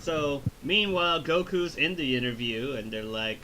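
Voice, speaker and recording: Animated, bright-voiced male movie reviewer. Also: medium pitch, normal speed, a little hiss or hum. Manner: animated recap, profane, laughing. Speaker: reviewer and host. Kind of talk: casual movie review chat.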